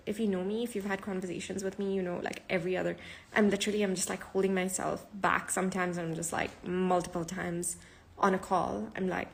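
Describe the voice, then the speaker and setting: A woman's voice: medium pitch, fairly quick. A sleep-deprived woman hosting her podcast from a live stream, talking casually and chattily with plenty of fillers. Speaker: podcast host.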